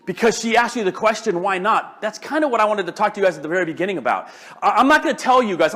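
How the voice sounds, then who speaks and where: An older man giving a live motivational talk, animated and joking, often restarting his sentences. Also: high-pitched. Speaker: motivational speaker.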